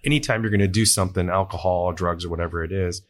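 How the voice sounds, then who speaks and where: A man's voice: deep voice, steady tone, fast talker. A man hosting a live interview, speaking in a plain, affirming way. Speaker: podcast host. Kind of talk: conversational interview.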